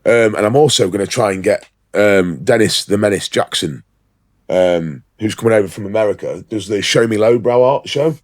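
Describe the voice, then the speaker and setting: A man co-hosting a casual podcast chat, talking chattily with plenty of ums and quick laughs. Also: on the low side, darkish tone, no room sound, studio quality. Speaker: podcast co-host, show organiser.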